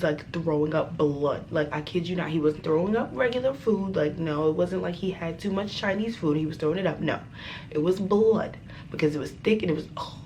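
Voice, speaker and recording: A young woman vlogger telling a storytime tale in a dramatic, profane, animated way. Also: on the low side, a little hiss or hum. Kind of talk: storytime vlog.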